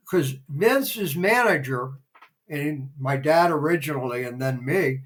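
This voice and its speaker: A man's voice: fairly high pitch, takes it slowly, fairly bright tone, rough recording. A man, a former theater promoter, telling rambling behind-the-scenes anecdotes as a podcast guest, full of fillers. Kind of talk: casual interview storytelling.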